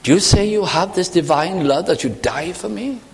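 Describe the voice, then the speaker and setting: A male preacher delivers a sermon in a lively voice that swoops up and down. He keeps asking the congregation questions. His words hang in a long reverberant hall. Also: fairly high pitch, moderate pace. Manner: animated, searching, rhetorical questions to the congregation.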